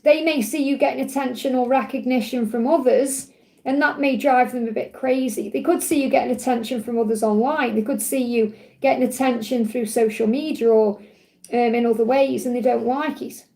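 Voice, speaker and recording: A woman with a croaky voice giving a live tarot reading in a soothing, reassuring way. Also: fairly high pitch, fairly even intonation, normal speed, darkish tone. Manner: soothing, reassuring, repeats key phrases. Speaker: tarot reader.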